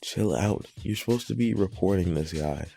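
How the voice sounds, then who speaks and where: A man's voice: sits low, normal speed, vocal fry, dark tone, soft background music. A man hosting reaction commentary, exasperated and rambling with many fillers. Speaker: commentary host.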